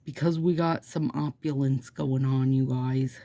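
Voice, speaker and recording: A woman's voice: rumbling low, steady tone, unhurried, dark tone, no room sound. A middle-aged woman with a Minnesota accent who chats casually to her viewers while doing her nails. She rambles and makes self-deprecating asides, and now and then reads a passage aloud. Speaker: nail product vlogger.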